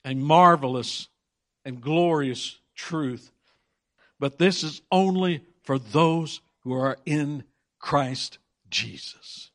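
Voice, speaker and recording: A man's voice: fairly high pitch, takes it slowly. A man preaching a sermon, reading scripture aloud and repeating words for emphasis while he puts questions to his congregation.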